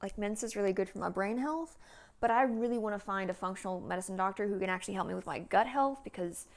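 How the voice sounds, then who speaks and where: A woman in her early thirties rambles through a casual vlog, talking in a loose, chatty way. She leans on filler words and sighs, and her voice sometimes falls to a soft near-whisper. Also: medium pitch, fast talker. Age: 30s. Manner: chatty, meandering, many "like"s and sighs. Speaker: vlogger.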